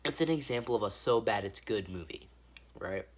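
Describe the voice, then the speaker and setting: In a casual movie review, a man rambles, swears freely, and keeps restarting his sentences. His voice sits on the low side, with lively intonation and a moderate pace.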